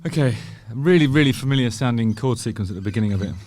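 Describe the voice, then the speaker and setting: A man's voice: medium pitch, animated, quick pace, loud music behind the voice. A man with an English accent hosting a casual, chatty commentary on a song, full of wry joking asides. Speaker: music video host.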